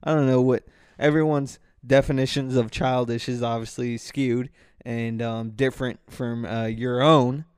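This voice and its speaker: A man hosting his own podcast, talking loosely and swearing as he goes. His voice is smooth and resonant at a middle pitch. The sound is dry and close to the microphone. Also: steady tone, unhurried, no echo. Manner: rambling, profane, breaks into rants. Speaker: podcast host. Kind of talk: casual solo podcast talk. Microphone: microphone close to mouth.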